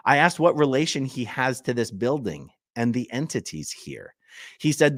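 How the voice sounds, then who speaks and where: Guy reading legal papers out loud w animated pitch, chats to viewers, dry close sound. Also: moderate pace, dry recording. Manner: lively, chatty asides to viewers. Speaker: channel host. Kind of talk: reading legal documents aloud with commentary.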